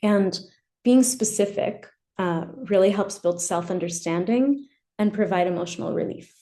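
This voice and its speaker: A woman educational therapist presenting a webinar, explaining gently and modeling example phrases. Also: mid-range voice, moderate pace.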